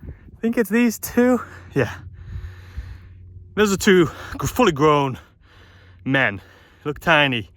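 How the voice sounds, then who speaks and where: Speaking slowly with long pauses, a man with a high-ish, fairly bright and very animated voice narrates his hike on a windy mountain trail. Slightly out of breath, he sounds chatty, frustrated and self-deprecating, filming on a phone as he walks. There's no echo, just faint outdoor wind.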